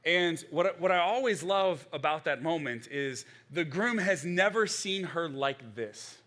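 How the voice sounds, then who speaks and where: Bright-voiced animated male pastor. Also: a little high, a little slow. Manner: conversational, animated, many restarts. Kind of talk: sermon.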